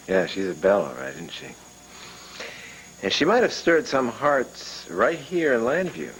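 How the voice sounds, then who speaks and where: A flirty easygoing charmer. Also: male voice, medium pitch, big pitch swings, measured pace, pauses often, a bit bright, slight background noise, rough recording. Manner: flirty, playful, insistent. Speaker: charming local man. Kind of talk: daytime soap acting.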